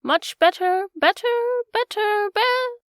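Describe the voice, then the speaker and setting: A woman voicing a fussy, excitable old queen in a storybook reading. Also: extremely high pitch, slow pace, dry recording, studio quality, pitched above the performer's own voice, full character voice.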